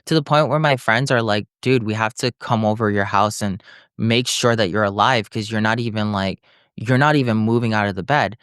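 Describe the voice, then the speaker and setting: Young man, podcast guest, fairly low smooth voice, animated storytelling, dry close sound. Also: no room sound. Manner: animated storytelling, acting out other people's lines, frequent "like". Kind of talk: storytelling in conversation.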